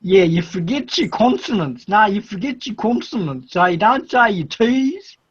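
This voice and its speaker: An Australian man chatting casually on a live stream, with a husky voice and long stretched vowels. He rambles and restarts as he explains things. The audio is dull and lo-fi. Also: high-pitched, expressive. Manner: rambling, drawn-out vowels, laughs often. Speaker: co-host of a Lego stream. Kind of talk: casual chat.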